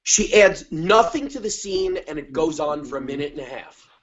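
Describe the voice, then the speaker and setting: A man's voice: fairly high pitch, expressive, normal speed, crowd noise. A man co-hosting a podcast, giving emphatic, opinionated remarks in casual chat. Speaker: podcast co-host. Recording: dull lo-fi podcast audio.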